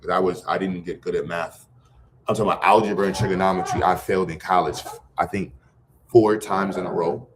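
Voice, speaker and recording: A man's voice: low voice, fairly even intonation, fairly quick, noisy background. A middle-aged man, talking casually and loosely in slang, full of restarts, as a guest on a livestream. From Brooklyn, New York. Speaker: guest, educator running a program.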